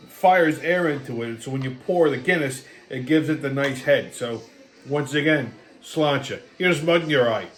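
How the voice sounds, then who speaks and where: A man hosting his own channel, talking in a blunt, profane, animated rant that swings between loud and quiet. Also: fairly high pitch. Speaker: host. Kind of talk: casual ranting monologue.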